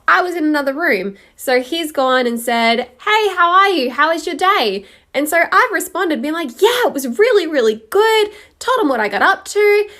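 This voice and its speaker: A woman's voice: sits high, bright, forceful tone. A married woman retelling a mix-up with her husband in a bemused, detailed way. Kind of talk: casual storytime monologue.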